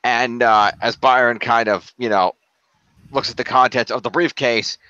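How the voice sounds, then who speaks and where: A man's voice: medium pitch, steady tone, moderate pace, bright, forceful tone, smooth, no room sound, muffled recording. A man co-hosting a podcast, casually recapping the week's wrestling and tallying scores. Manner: narrates events, acts out quotes in a raised voice. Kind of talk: casual chat, recapping events.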